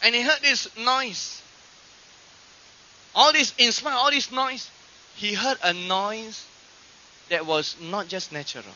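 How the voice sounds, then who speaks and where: Preaching to the congregation, this man has a high, cutting, very bright voice and moves slowly, leaving long pauses. His delivery shifts from booming, elongated phrases to soft asides, peppered with fillers and false starts. It sounds dull and low-fidelity, like something pulled from an old archive.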